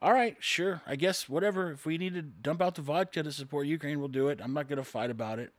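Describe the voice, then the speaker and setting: A man's voice: big pitch swings, fairly quick, no echo, clean studio sound. A man voicing a resigned, easygoing middle-aged husband in a comic story. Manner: shrugging, low-key.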